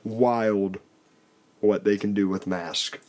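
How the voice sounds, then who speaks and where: A man's voice: lowish voice, steady tone, takes it slowly, a little mellow. Laughing casual male podcast host. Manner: loose, laughing, mock-voices quotes. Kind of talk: casual political chat.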